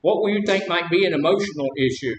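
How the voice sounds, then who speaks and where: Man counselor talking in an echoey room. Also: quick pace. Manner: conversational, asks the group questions, tells personal stories with humor. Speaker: addiction counselor leading a recovery group. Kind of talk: informal group talk on recovery. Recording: echoey room with faint rumble.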